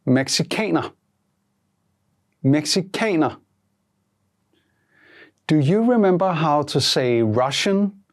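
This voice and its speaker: A teacher giving a scripted language lesson, prompting in a measured way and repeating each answer twice. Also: mid-range voice, lively intonation.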